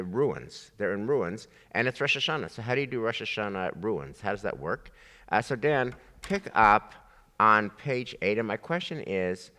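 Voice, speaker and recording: Lively teacher in an echoing hall. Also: male voice, fairly low pitch. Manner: lively, acts out voices while teaching. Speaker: rabbi teaching a class. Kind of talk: animated class discussion. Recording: reverberant hall.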